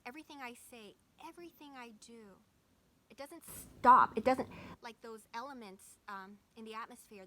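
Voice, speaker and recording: A woman's voice: mid-range voice, pushed and bright, slight background noise. Chatty woman musing about parenting. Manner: chatty, many fillers and self-corrections. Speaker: vlogger. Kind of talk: casual reflective chat.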